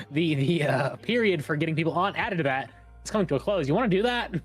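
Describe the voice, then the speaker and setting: A man's voice: on the high side, animated, a little fast, husky, faint music behind. A man joining his wife's stream as co-host, chatting casually and teasing her. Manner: laid-back, joking, teasing. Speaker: host's spouse and co-host. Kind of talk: casual chat.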